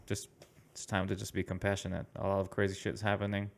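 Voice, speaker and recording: Laid-back man in his thirties, gravelly. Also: on the low side, completely flat delivery, quick pace. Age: 30s. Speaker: podcast host. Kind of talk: casual podcast chat.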